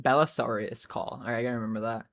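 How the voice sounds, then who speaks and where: A woman's voice: rumbling low, steady tone, quick pace, gravelly. A woman streaming live, chatting casually in a rambling, filler-heavy, profane way while greeting viewers. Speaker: livestreamer. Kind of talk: casual chat.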